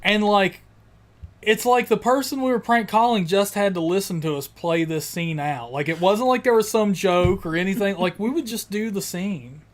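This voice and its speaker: A man's voice: sits high, moderate pace. Jokey man cracking crude banter. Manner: jokey and crude, breaks into impressions and laughter. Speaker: co-host of a horror podcast stream. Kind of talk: casual live-stream chat.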